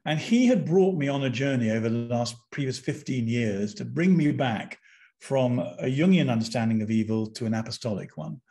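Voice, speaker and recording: As a podcast guest, an older British man shares a personal story with lively intensity and many restarts, his medium-pitched voice moving at a normal pace.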